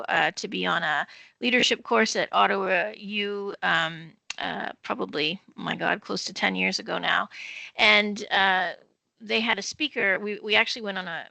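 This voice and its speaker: A woman's voice: medium pitch, creaky, dry recording, low-quality recording. A woman speaking as a senior government official on a virtual panel, candid and anecdotal, over a video call. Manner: candid, anecdotal, warm toward colleagues. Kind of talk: panel discussion.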